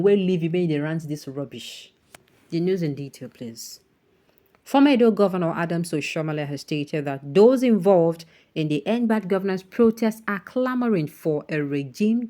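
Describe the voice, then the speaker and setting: A Nigerian-accented woman with a slightly low voice presents news and then turns to heated commentary. She speaks indignantly, throws in Pidgin phrases, and exclaims rhetorical questions. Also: animated, normal speed, dark tone.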